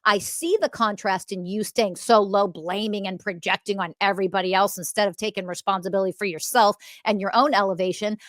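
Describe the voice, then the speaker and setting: Woman podcaster ranting and cussing at her audience, dry sound, middle pitch. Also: no echo. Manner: confrontational, profane, scolding; swings between loud emphasis and quiet muttering. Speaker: podcast host. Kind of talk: ranting monologue.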